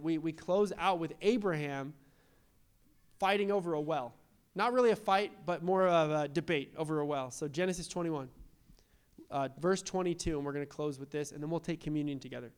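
A young adult man preaching a sermon as pastor, animated, repeating rhetorical questions and acting out quoted voices. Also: fairly high pitch, smooth.

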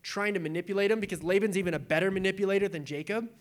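A young adult man preaching in a casual, animated way, retelling scripture with acted-out quotes. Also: sits high, racing. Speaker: pastor.

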